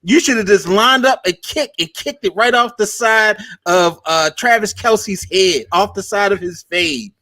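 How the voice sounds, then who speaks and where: High-voiced ranting man. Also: measured pace, hardly any pauses. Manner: animated ranting, mocking impressions. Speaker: sports show co-host. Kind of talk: casual sports banter.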